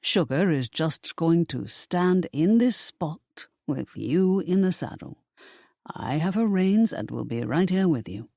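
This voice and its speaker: Narrator playing a protective young duke, steady and reassuring, audiobook. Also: male voice, a little high, slow pace, vocal fry, no room sound, clean studio sound, heavily acted. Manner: calm, reassuring.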